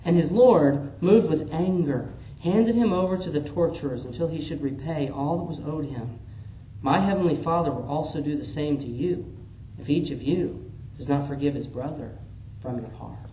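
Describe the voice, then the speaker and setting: A man preaching a sermon, animated, acting out the Bible figures in different voices. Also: a little high, normal speed, a little hiss or hum. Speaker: pastor. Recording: echoey room with faint ambience.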